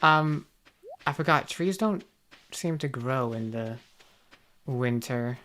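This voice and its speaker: A woman's voice: extremely low pitch, expressive, slow, fairly bright tone, a little hiss or hum. A woman streaming a game, chatting casually with viewers in a rambling, self-mocking way. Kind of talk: casual gaming stream chat.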